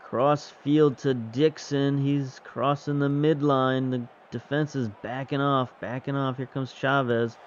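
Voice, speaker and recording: A man's voice: medium pitch, flat delivery, a little slow, hardly any pauses, highs cut off, a little hiss or hum. A man giving casual, wry play-by-play commentary while playing a football management game. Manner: wry, chatty, self-mocking. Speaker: gaming video host.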